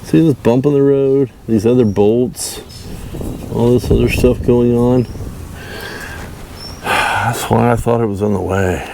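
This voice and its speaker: A folksy man chats slowly to the camera while he works on a trailer outdoors. He talks in an easygoing, self-mocking way and chuckles at his own mistakes. Faint outdoor noise sits behind him. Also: medium pitch, gravelly. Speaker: channel host doing a boat trailer fix-up. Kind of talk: casual DIY vlog talk to camera.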